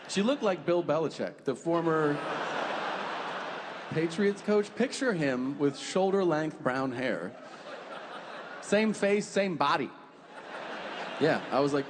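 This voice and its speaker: Male comic on a club stage, swooping animated delivery, long reverb, stand-up set. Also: fairly high pitch, unhurried. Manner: animated storytelling, acts out quoted voices, profane. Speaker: stand-up comedian. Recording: reverberant club with faint room noise.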